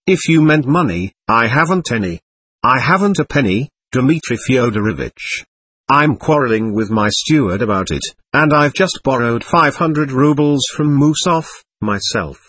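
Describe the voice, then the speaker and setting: A man's voice: medium pitch, a bit bright, husky, dry recording, full character voice. A man voicing a flighty, effusive middle-aged society lady in a storybook reading, sweetly condescending.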